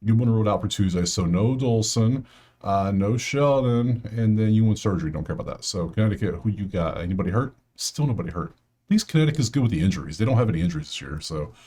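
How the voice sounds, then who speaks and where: A man hosting a sports betting channel, casually breaking down games and picks while thinking out loud in slangy talk straight to his viewers. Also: on the low side, animated, fast talker, slightly rough.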